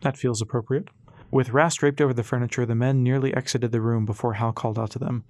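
Male audiobook narrator, steady even reading, mid-range voice, dry close sound. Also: mid-range voice, quick pace, no room sound.

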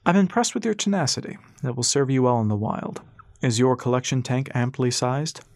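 Courtly, dry-witted gentleman, read by a man. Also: medium pitch, fairly quick, dry recording, lightly acted. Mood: dryly courtly. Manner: courtly, formal phrasing, dry sarcasm.

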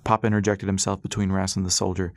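A man giving steady, measured scripted narration of an audiobook chapter. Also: sits low, dry recording, clean studio sound.

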